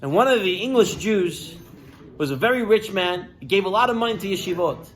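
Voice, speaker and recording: A rabbi preaching to his congregation, a man with a fairly high-pitched voice. He tells stories with animated energy and slips into the voices of the people in them. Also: a little fast, poor audio. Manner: animated storyteller, acts out characters' lines. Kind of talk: sermon with storytelling.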